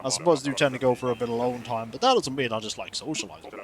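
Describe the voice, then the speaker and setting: A streamer reading the lines of a chipper male frog villager who wanders from island to island, in a breezy, quick voice. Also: mid-range voice, pitched below the performer's own voice, lightly acted.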